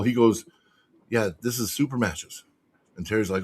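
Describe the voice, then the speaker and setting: A man telling a match story as a podcast guest, excitable and swearing constantly. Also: on the low side, moderate pace, husky. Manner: excitable, profanity-heavy retelling. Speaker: podcast guest, arm wrestler. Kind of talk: casual storytelling chat.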